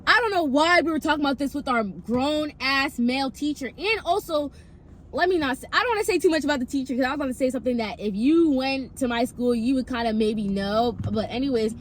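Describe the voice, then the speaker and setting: A twenty-year-old woman telling a casual story time, rambling with lots of filler, swearing and sudden pitch jumps. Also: a little fast. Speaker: vlogger.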